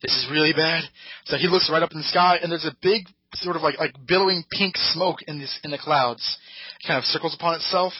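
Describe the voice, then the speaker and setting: Here a podcast host talks fairly quickly in a slightly high, steady voice with a breathy edge. He rambles hesitantly through a casual episode recap, acting out the characters in put-on voices, with no echo and a muffled podcast-mic sound.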